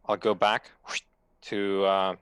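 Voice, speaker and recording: Slow-talking low player voice. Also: male voice, little pitch movement, fairly bright tone, clear, resonant tone, dry recording. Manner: hesitant, chuckling. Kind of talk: casual tabletop play.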